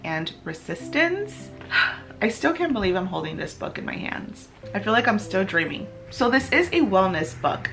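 A young woman author talking casually to her camera, warm and chatty, with bursts of gushing excitement and breathy gasps. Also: mid-range voice. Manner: gushing and breathless, many gasps and nervous laughs. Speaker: author and book vlogger. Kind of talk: casual vlog talk to camera.

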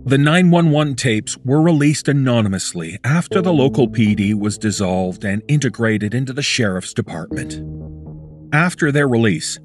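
A man narrating a horror story in a measured, documentary-like scripted voice. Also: medium pitch.

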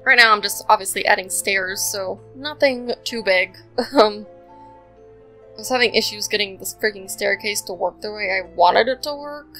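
Over soft background music, a young woman gives casual voice-over for a Sims speed build, her mid-range voice bright and forceful at a normal pace. She rambles and chats with plenty of ums and likes, and the recording sounds rough.

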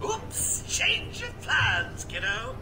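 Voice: medium pitch, wildly swooping pitch, drawn-out words, heavily acted. A voice actor playing a smug, theatrical villain in a video game, sneering and sarcastic toward the hero. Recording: game audio with clear noise.

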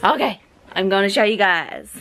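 A woman with an Irish accent vlogging an unboxing at home, rambling and gushing with excitement. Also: mid-range voice, moderate pace, heavy background noise. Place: her apartment.

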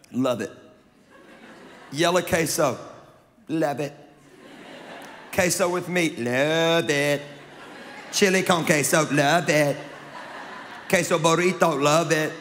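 A man from Louisiana preaching a sermon as pastor, animated and joking, with crowd banter. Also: on the high side, a little hiss or hum. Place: large church auditorium. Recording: long reverb of a large hall.

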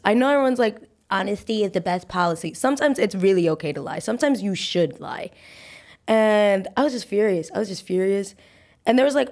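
A young woman hosting a podcast, telling a personal story in a chatty, animated way with lots of fillers and restarts. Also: lowish voice. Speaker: podcast host. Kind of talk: casual storytelling.

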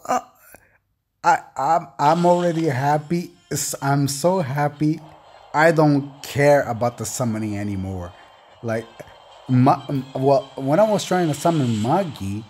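A man doing casual commentary over gameplay as a gaming YouTuber, excitable and rambling, often stammering and restarting. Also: fairly high pitch, measured pace, breathy edge.

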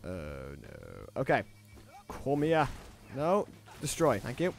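A man's voice: medium pitch, huge pitch swings, slow, creaky, faint music behind. An Irish man doing jokey, self-deprecating let's-play commentary, sounding stressed. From Ireland. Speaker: gaming YouTuber.

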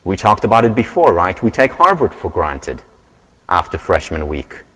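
A man giving a university lecture, earnest and measured, telling stories to make his point. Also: low-pitched, very animated, fairly bright tone. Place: large lecture hall. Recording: lecture hall with long reverb.

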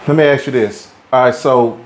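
A man hosts the interview and asks his questions haltingly. His voice sits at a middle pitch. He leads the guest through her story with short prompts. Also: fairly even intonation. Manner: halting, with fillers and restarts.

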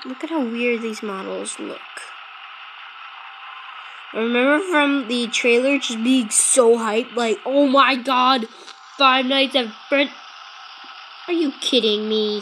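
A woman's voice: fairly high pitch, a little slow, a bit bright, a little hiss or hum, poor audio. A woman commenting on a game as she plays, chatting, humming and jokingly insulting the characters. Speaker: gameplay commentator. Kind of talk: let's-play commentary.

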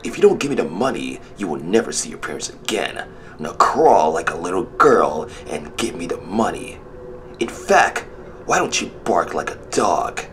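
A man voicing a big, crude high school bully who growls his threats low and hushed in a comedy skit. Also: big pitch swings, normal speed, slight background noise. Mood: taunting.

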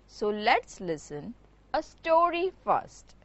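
A woman teacher, telling a story slowly and clearly to students. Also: on the high side, big pitch swings, no echo. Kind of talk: classroom storytelling and lesson. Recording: dull lo-fi virtual class audio.

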